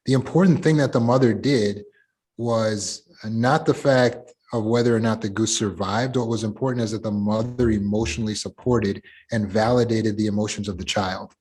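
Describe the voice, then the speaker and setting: A middle-aged man with a lowish, slightly breathy voice leads a support group by video call in his role as coach. He moves at a moderate pace while talking through examples with animation.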